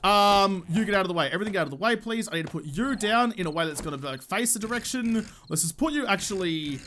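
A man's voice: sits high, lively intonation, fast, sharp tone, a little hiss or hum. A young man giving frantic, swearing commentary to himself while playing a video game. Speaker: gaming channel host. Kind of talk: live gameplay commentary.

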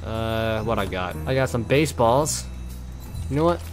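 A young man casually commentating his gameplay, swearing and getting exasperated with loud outbursts, with game music behind him. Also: fairly low pitch, animated, moderate pace. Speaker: gameplay streamer.

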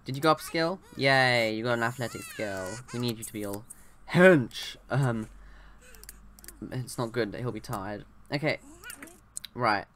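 A young adult rambles through a life-sim game, chatting to the characters and often trailing off before finishing a sentence. The mid-range, fairly bright voice moves a little slowly with long pauses, over slight background noise.

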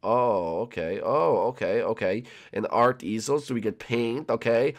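A young man commenting on a building game, rambling and excitable with many fillers. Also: mid-range voice, unhurried. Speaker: gaming channel host. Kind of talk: gameplay commentary with role-play.

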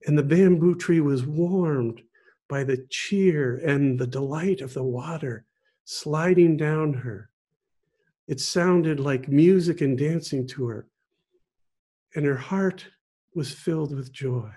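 A man, a pastor, telling a parable in a sermon, gently and with pauses. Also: on the high side, husky. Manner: slow, gentle storytelling with pauses. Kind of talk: storytelling sermon.

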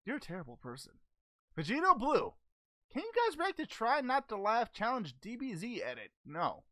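A woman plays Goku, a cheerful, naive hero who fields fan questions in a goofy, scatterbrained way and keeps stumbling over ums. The voice sits fairly high and swoops all over the place. It is recorded dry and close, with no room sound at all. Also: wildly swooping pitch, moderate pace, pushed and bright, no room sound, heavily acted. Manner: goofy, easily distracted, hesitant with many ums. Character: cheerful naive male alien martial-arts hero. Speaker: channel host answering fan questions. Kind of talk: in-character fan Q&A.

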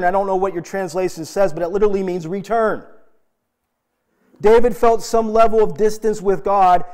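Middle-aged guy preaching, pretty high voice, earnest and pushy, keeps asking the church questions. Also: a little mellow. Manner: earnest, emphatic preaching with direct questions to the congregation. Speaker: pastor. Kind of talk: sermon.

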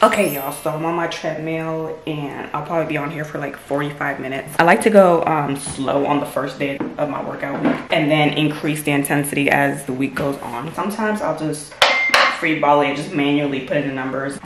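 A young woman talking casually through her home workout routine, keeping her voice hushed in the early morning. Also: low-pitched, a little hiss or hum, poor audio. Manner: hushed and soft, trying not to wake others. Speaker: fitness vlogger. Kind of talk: casual vlog narration.

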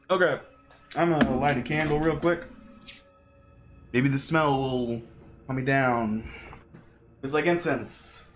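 A man streaming a game from home, chatting casually and sarcastically with his chat, sometimes jumping into high yelps. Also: slow pace, long pauses, music in the background. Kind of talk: casual livestream chat while gaming.

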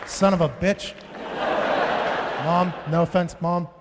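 A man in his thirties performs a stand-up set on a big stage, spinning stories in a loud, profane way that bursts into shouts. His voice sits high, and it rings out through a live hall with a long reverb tail. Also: fairly even intonation, slow, over a noisy crowd, heavy background noise. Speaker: stand-up comedian. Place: large venue on stage.

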